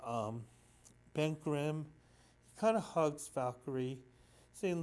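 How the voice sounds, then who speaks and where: A man's voice: on the high side, lively intonation, slow pace, darkish tone. A man casually recapping a comic book issue on his own, talking in a rambling, hesitant way with many ums and restarts. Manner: sentimental about the story.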